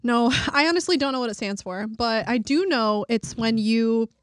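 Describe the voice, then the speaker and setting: A woman's voice: on the high side, normal speed, dry recording, clean studio sound. A woman co-hosting a casual food podcast, chatty and rambling, using slang. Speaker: podcast co-host. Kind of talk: casual chat.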